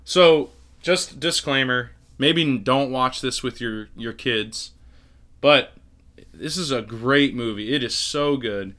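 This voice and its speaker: Young guy cohosting a faith movie podcast, bright voice, chatty, laughs a lot. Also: medium pitch, slow. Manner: chatty, laughs often, restarts phrases. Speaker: podcast co-host. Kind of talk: casual faith-based movie discussion.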